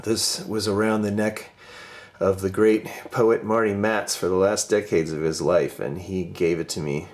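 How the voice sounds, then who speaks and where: A middle-aged man walking through his house, fondly describing his art with many pauses and fillers, his voice dropping softly at the end of thoughts. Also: deep voice, fairly even intonation. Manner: warm, fond, many fillers, trails off softly at ends of thoughts. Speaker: vlogger giving a home art tour. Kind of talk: casual home tour narration. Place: inside his house, moving through rooms.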